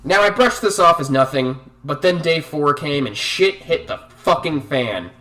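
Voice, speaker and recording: A man's voice: on the high side, animated, a little slow, pushed and bright, distant mic. A young man narrating a storytime vlog in a profane, exasperated, dramatic way. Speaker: vlogger telling a story.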